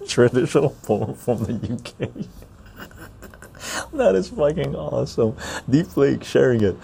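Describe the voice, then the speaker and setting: Casting note: low gravelly man, relaxed podcast host chatting on a patio, laughs a lot, faint noise behind. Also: slow pace. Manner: laughs often, reads chat aloud, swears. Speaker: podcast host reading chat. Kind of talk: casual chat. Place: outdoor patio.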